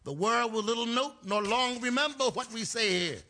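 A man's voice: very high-pitched, expressive, moderate pace, sharp tone, full character voice. A man acting a chatty, folksy helper in a comedy radio sketch, breezy in manner.

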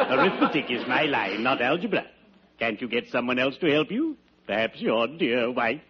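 A syrupy, deadpan undertaker. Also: male voice, medium pitch, moderate pace, lo-fi sound, crowd noise. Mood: unctuous. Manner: syrupy, pompous and deadpan with morbid puns. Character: unctuous male undertaker, droll and gloomy. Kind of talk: 1940s radio acting. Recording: scratchy old radio broadcast.

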